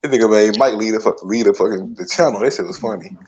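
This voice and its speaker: A man's voice: lowish voice, fast, a little mellow, muffled recording. A man chatting casually with friends on an online voice call, laid-back and full of slang and profanity. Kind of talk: casual chat.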